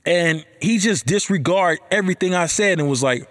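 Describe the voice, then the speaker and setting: A man hosting a podcast, telling a story about being a father in a casual chat, profane and heated, ranting with animated energy. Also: fairly high pitch, brisk, few pauses. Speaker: podcast host.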